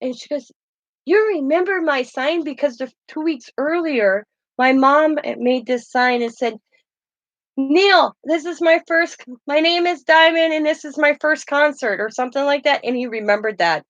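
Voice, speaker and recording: A woman's voice: sits high, moderate pace, fairly bright tone, no echo, highs cut off. A woman, hosting a casual craft vlog and telling rambling stories as she shows keepsakes. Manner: chatty, rambling storytelling with laughs. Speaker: craft channel host. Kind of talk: casual show-and-tell vlog.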